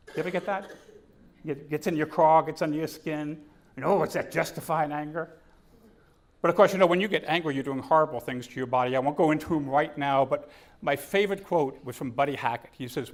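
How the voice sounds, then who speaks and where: A man giving a comedic keynote speech to a conference audience, telling stories and acting out the people in them. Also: a little high. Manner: storytelling, animated, acts out quotes. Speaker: keynote speaker. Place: conference stage.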